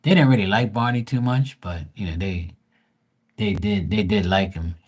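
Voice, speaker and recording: Low-voiced, blunt, profane male tarot streamer. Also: normal speed, breathy edge. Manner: blunt, profane, greets chat viewers by name. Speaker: livestream tarot reader. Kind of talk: casual livestream chat.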